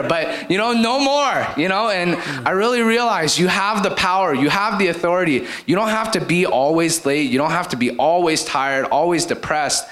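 A man casually sharing a faith testimony in a church group, animated and laughing, with lots of fillers. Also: high-pitched, normal speed, hardly any pauses, noisy background.

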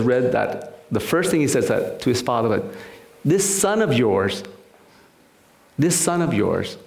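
A preacher delivers a sermon earnestly, his medium-pitched voice gravelly and a little mellow, with reverberation around it. He often repeats words and acts out the voices of people in the story.

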